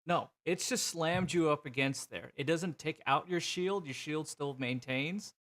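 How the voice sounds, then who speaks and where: A man's voice: a little high, a little slow, fairly bright tone. A man narrating a tabletop role-playing game as game master, describing scenes vividly with frequent fillers.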